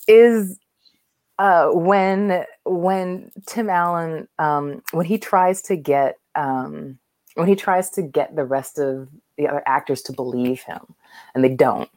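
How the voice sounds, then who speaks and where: A woman's voice: low-pitched, a little mellow, no echo, clean studio sound. A woman co-hosting a podcast, chatting casually about a film with many fillers and restarts. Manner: rambling, many fillers and restarts, laughs often. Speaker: podcast co-host. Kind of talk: casual movie chat.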